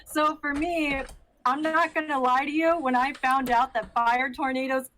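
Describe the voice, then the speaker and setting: High-voiced young woman, playful podcast co-host who riffs on puns with eager energy. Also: unhurried, a little hiss or hum. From California. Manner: playful, excitable, punning. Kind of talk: casual chat.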